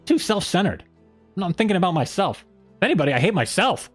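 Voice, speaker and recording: A man's voice: sits high, very animated, quick pace, faint music behind. A man hosting a casual live stream from home, rambling and self-mocking, often trailing off mid-thought. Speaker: streamer host. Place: home room by an open window.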